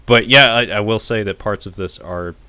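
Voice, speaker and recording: A man with a lowish, forceful voice co-hosts a film podcast. He talks loosely and swears freely, padding his thoughts with "uh". The delivery is casual and conversational. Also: moderate pace, clean tone, no room sound. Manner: loose and profane, many filler "uh"s. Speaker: podcast co-host. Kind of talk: casual film review chat.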